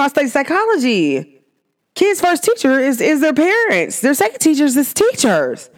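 A young woman hosting a podcast, talking in an emphatic, animated rant full of rhetorical questions. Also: high voice. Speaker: podcast host. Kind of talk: casual monologue.

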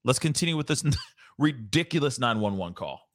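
A man's voice: mid-range voice, moderate pace, dry recording, clean studio sound. A man hosting his own commentary show, reacting with lots of laughter and repeating phrases. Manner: laughs hard and often, animated, repeats phrases. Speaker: show host. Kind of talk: casual commentary on a news clip.

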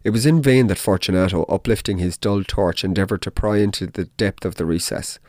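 A man narrating a dark tale in the first person, in a measured, deliberate audiobook reading. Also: deep voice, no echo, studio quality.

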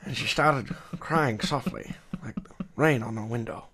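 A man's voice: mid-range voice, measured pace, a bit bright. A man putting on a brooding, hard-boiled noir detective voiceover, spoken through the teeth in a mock-theatrical way. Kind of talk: film noir voiceover impression.

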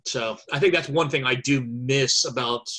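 A man's voice: mid-range voice, moderate pace, bright, forceful tone. Chatty man on a podcast call. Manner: chatty, many fillers, thinks aloud. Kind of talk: casual chat. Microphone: video call.

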